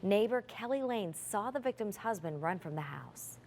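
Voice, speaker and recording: A woman's voice: medium pitch, expressive, moderate pace, darkish tone, a little hiss or hum. A woman anchoring a TV newscast, reading stories in a scripted way and stressing place names. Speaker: news anchor. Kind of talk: TV news reading.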